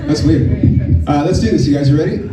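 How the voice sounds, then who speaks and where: A man's voice: a little high, moderate pace. A man doing a loose, chatty stand-up set, often saying dude. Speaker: stand-up comedian. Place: live comedy club. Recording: echoey club, distant mic, audience audible. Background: crowd noise.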